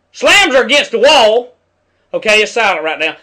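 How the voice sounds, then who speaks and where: A middle-aged man rants in heated, preachy commentary over a news clip. His voice sits high and sounds bright and forceful. He argues straight at the screen. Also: very animated, moderate pace, pauses often. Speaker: video commentator.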